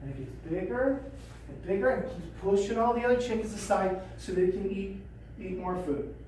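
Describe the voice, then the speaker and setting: A woman trainer telling a story at a training session, animated and repeating phrases. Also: medium pitch, moderate pace, a little hiss or hum. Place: training room. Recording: echoey room from a distance.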